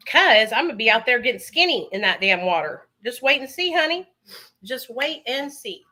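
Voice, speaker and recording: A woman's voice: mid-range voice, sharp tone. A woman chatting casually with her livestream viewers from home while doing her makeup, calling them honey and baby. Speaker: livestream host.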